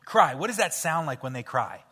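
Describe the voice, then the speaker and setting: Lively, bright-voiced man leading kids. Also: fairly high pitch, normal speed. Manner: playful, coaxing, cues the kids to shout sound effects. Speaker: children's pastor. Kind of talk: interactive children's Bible story. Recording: hall reverb with faint music.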